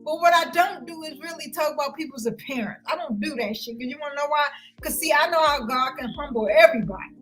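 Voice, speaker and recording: High, bright, heated woman ranting. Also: quick pace, faint music behind, rough recording. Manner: loud, heated and confrontational, with frequent cursing. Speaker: vlogger ranting to viewers. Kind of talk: profane livestream rant.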